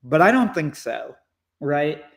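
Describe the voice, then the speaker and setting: A man co-hosting a casual livestream chat, rambling and hesitant with lots of fillers, in a wry, low-key way. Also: very animated, slow. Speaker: co-host, movie commentator.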